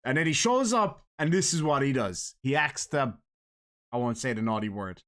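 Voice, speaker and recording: Man, Irish accent, live stream host, casual chat, teasing, mid-pitched. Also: lively intonation, moderate pace, fairly bright tone. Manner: chatty, teasing, joking with guest and chat.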